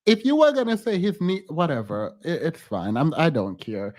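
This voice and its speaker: A man's voice: on the high side, animated, moderate pace, darkish tone. A man hosting reaction commentary, blunt and critical, with scoffing asides as he plays and judges clips. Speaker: host.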